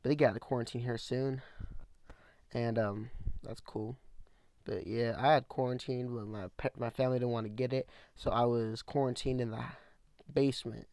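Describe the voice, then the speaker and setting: Young man with a gravelly voice, rambling. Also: medium pitch, steady tone, moderate pace, a little mellow, dry recording. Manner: rambling, casual slang, says bro. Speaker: podcast host. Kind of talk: casual solo podcast chat. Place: small room at home.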